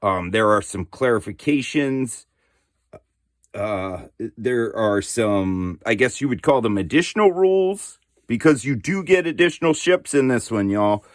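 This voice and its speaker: A man's voice: mid-range voice, lively intonation, unhurried, no room sound, studio quality. A middle-aged man hosting a board game channel, talking casually and slangily with many fillers as he shows off a game. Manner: laid-back, slangy, lots of fillers and "dude". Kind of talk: casual unboxing show-and-tell.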